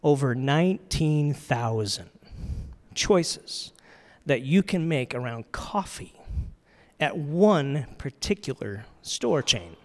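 A man with a fairly high voice delivers a casual, chatty sermon. He keeps turning to his listeners with questions. He shifts between loud, bright storytelling and quiet, hushed reflection. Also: animated, takes it slowly. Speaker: pastor. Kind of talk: conversational sermon.

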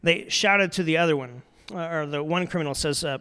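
A middle-aged male pastor preaching a sermon, telling the story earnestly, swinging from loud emphasis to soft, quiet passages. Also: fairly high pitch, moderate pace, hardly any pauses, clear, resonant tone.

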